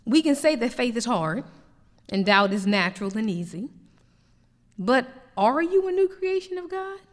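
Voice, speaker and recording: A woman preaches a sermon in a high, bright-toned voice that swings widely up and down. She talks to the congregation conversationally and slips into playful acted-out asides. Her voice rings with the long reverb of a large hall. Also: sing-song, moderate pace. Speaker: pastor, Bible teacher. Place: church sanctuary.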